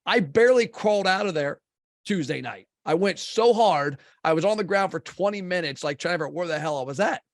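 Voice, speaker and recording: A man's voice: high-pitched, lively intonation, brisk, no room sound, studio quality. A middle-aged man from Kentucky, a marketing company head, talking bluntly and intensely as a podcast guest and swearing casually. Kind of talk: blunt conversational interview.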